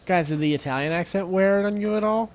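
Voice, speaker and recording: A man's voice: high-pitched, quick pace, slight background noise. A man co-hosting a let's play, chatting casually and riffing jokily on trivia tangents. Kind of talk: casual gameplay commentary.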